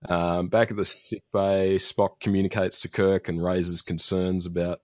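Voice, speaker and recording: A man's voice: low voice, level tone, a little slow, no echo, clean studio sound. A man casually recapping a TV episode as a podcast host, rambling with fillers and restarts. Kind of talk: casual chat.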